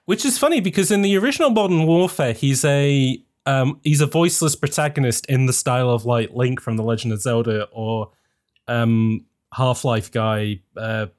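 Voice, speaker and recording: A man hosting a casual podcast chat, rambling and animated, with lots of fillers and restarts. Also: mid-range voice, normal speed. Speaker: podcast host.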